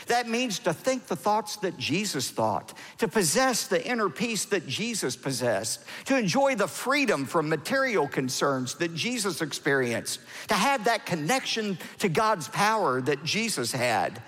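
A man preaching a sermon as pastor, with dramatic pauses and heavy emphasis on key words. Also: sits high, big pitch swings, a bit bright. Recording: long hall reverb.

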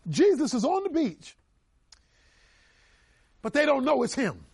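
A middle-aged male pastor preaching a sermon, emphatic, swinging between loud cries and hushed asides. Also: very high voice, sing-song, unhurried, gravelly, long pauses, dry recording.

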